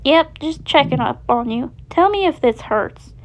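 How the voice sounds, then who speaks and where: A woman voicing a gruff, suspicious male animatronic who talks bluntly. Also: high-pitched, expressive, a little slow. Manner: blunt, challenging.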